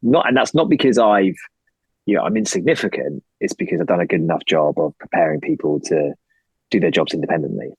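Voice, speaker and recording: A man's voice: sits low, fairly quick, creaky, a little mellow, breathy edge, no room sound, rough recording. A man in his thirties talking casually and energetically as a podcast guest, rambling and swearing now and then. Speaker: podcast guest, investor and founder. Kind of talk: casual conversation.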